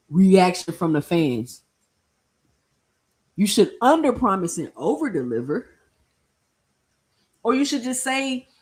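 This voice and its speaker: Animated woman boxing livestream host. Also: on the low side. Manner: animated, opinionated, addresses chat directly. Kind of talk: casual livestream commentary.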